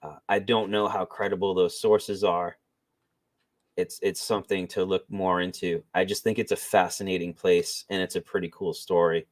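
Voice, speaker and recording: A man co-hosting a podcast in relaxed casual chat, musing about a story. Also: deep voice, normal speed, dry recording. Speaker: podcast co-host.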